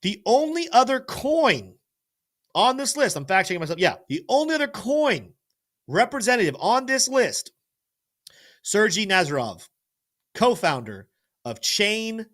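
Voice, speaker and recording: A man's voice: sits high, very animated, unhurried, pauses often, fairly bright tone. A man hosting a live-stream crypto show, energetically talking through charts and addressing his chat, sometimes stumbling over names. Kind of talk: live-stream market commentary.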